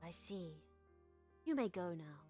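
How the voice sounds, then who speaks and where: A woman voicing an aloof child leader in a game, speaking calmly and formally. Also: on the low side, slow, soft background music. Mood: cold. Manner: calm, flat, formal.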